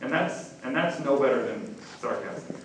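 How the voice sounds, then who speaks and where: A man's voice: medium pitch, moderate pace, slight background noise. Echoey distant male preacher. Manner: conversational, humorous preaching. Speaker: pastor. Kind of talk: sermon. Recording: very echoey, from far off.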